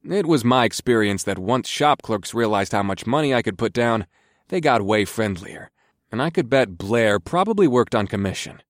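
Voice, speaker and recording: Low-voiced male audiobook narrator. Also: normal speed, no room sound, clean studio sound. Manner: relaxed, conversational storytelling. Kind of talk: scripted first-person narration.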